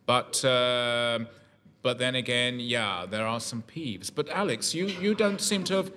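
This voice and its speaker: Articulate bright-voiced male host. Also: medium pitch, a little slow, big-room sound, slight background noise. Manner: articulate, wordy, hesitant restarts. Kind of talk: radio arts discussion.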